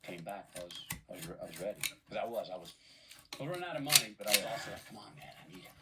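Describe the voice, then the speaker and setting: A man's voice: on the low side, very fast, distant mic, very noisy. A man, a podcast guest, telling long rambling stories in casual chat with lots of restarts. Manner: rambling, animated storyteller with many restarts.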